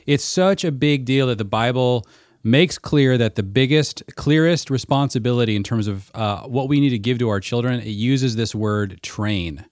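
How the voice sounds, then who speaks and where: A man's voice: medium pitch, moderate pace, darkish tone, no echo, clean studio sound. A man co-hosting a podcast, explaining at length in an earnest, casual discussion. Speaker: podcast co-host and mentor.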